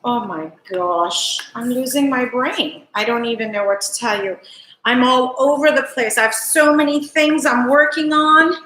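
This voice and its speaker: A woman's voice: fairly high pitch, measured pace, a bit bright. A woman hosting a live cooking stream from her home kitchen, chatting fondly and rambling to her viewers as she works. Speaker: cooking show host. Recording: echoey kitchen.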